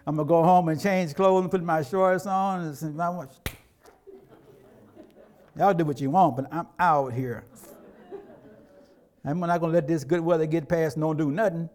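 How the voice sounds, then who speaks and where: A man's voice: fairly high pitch, fairly even intonation, normal speed, pauses often, darkish tone. A middle-aged man preaching a sermon as a pastor, in a conversational way, acting out quotes from everyday life.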